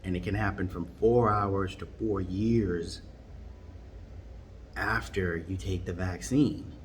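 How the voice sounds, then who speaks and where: A man telling a tall comic story in a rambling, deadpan way. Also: low voice, slow pace, slight background noise. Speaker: comedian.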